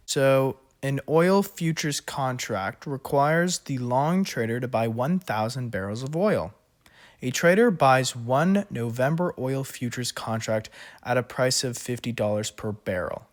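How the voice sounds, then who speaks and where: A man of middle pitch tutors finance while working a problem on his tablet. He talks casually and thinks aloud, restarting and chuckling at his own slips. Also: animated, measured pace. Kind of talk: worked-example lesson. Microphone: recording at an iPad.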